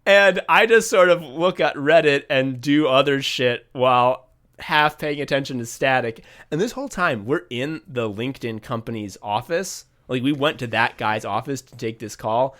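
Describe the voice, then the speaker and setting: A man's voice: mid-range voice, moderate pace, fairly bright tone. A man hosting a podcast, telling a long work anecdote in casual chat, laughing often and swearing freely. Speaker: podcast host.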